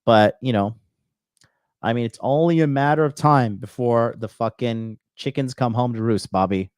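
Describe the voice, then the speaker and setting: A man's voice: mid-range voice, unhurried, pauses often, darkish tone, no echo, studio quality. A man hosting a dating commentary show, talking bluntly, swearing often and repeating phrases as he reacts. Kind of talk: casual solo commentary.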